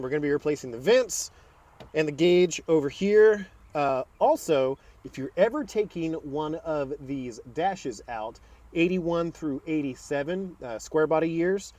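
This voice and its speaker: A man's voice: on the high side, darkish tone. A man hosting a home garage channel, talking through a truck repair in a casual, chatty way and drifting into side stories. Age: adult. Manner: chatty storyteller, drifts into tangents. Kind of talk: casual how-to narration.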